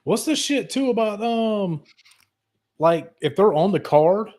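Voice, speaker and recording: A man's voice: sits high, animated, unhurried, darkish tone. A man co-hosting a podcast, talking loosely and laughing, apologizing after ranting. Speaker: podcast co-host. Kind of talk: casual chat.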